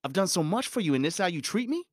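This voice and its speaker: A man plays an angry, wounded friend who fires off indignant questions at high speed. The pitch leaps around a lot, and the sound is dry and close. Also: sing-song, no room sound. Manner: indignant, heated and rapid.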